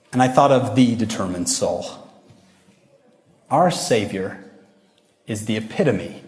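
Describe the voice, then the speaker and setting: A man giving a motivational religious talk to a youth audience, a lively storyteller who acts out the voices he quotes. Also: lowish voice, measured pace, pauses often. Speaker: youth devotional speaker. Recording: reverberant hall.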